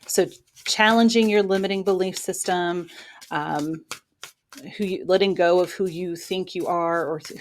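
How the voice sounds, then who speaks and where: A woman's voice: lowish voice, a little hiss or hum. A woman giving a casual weekly tarot reading into her own microphone, talking in an encouraging, motivational way. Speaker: tarot reader and spiritual coach.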